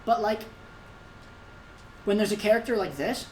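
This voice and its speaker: A woman's voice: mid-range voice, animated, unhurried, pauses often, darkish tone, slight background noise, low-quality recording. A woman giving casual gameplay commentary as a YouTuber, ranting with lots of repetition and the odd swear. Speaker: gaming YouTuber.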